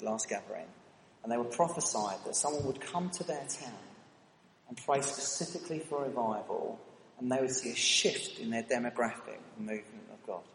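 A British man telling a lively, self-mocking story during a sermon at church. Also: medium pitch, normal speed, a little hiss or hum. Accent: British English. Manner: animated, anecdotal, self-mocking. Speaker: church speaker. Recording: reverberant hall, faint ambience.

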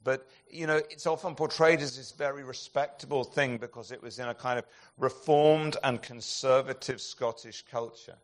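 A man delivering an impassioned sermon at a middle pitch. He moves from booming emphatic lines to near-whispered, drawn-out phrases as he tells his stories. He chuckles softly at his own anecdotes. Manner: impassioned storytelling, swinging between loud emphatic peaks and hushed, slow passages. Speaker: preacher.

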